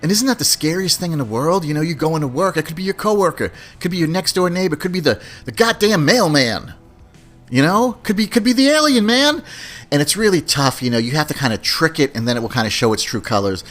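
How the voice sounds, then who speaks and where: A man's voice: on the high side, expressive, fast, fairly bright tone. A man hosting a podcast in a casual, rambling monologue, chatty and loose, often tossing in "man" and "you know". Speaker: podcast host.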